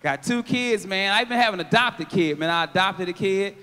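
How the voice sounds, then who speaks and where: A man in his thirties doing a stand-up comedy set on a theater stage, loud and animated, shouting his punchlines. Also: high voice, fairly quick, smooth. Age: 30s. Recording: long theater reverb.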